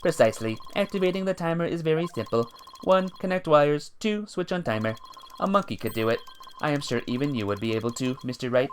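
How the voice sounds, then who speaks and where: A man voicing a stiff, robotic male bomb expert from a courtroom game, in a clipped, halting monotone. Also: a little high, a little hiss or hum, natural voice.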